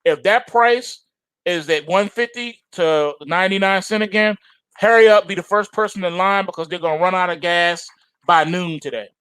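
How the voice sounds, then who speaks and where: A man's voice: high voice, moderate pace, clean tone, dry recording. A male trading show host giving emphatic, slangy market commentary to his viewers, insistent and repetitive. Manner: animated and insistent, repeats phrases for emphasis; slangy, addresses viewers as folks.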